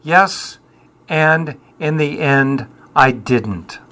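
A man's voice: on the high side, extremely slow, bright, forceful tone, a little hiss or hum. A man, answering interview questions in a wry, self-deprecating way with dry humour. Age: 70s. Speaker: musician guest.

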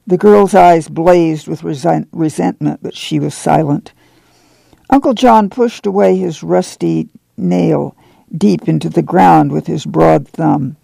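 A man reading a novel aloud as an audiobook narrator, measured and steady, correcting small slips as he goes. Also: on the high side, gravelly, no echo. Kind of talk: scripted narration.

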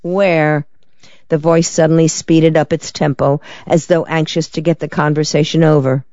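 An audiobook narrator reading a crime story in an even, measured way. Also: medium pitch, no echo, highs cut off. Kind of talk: scripted narration.

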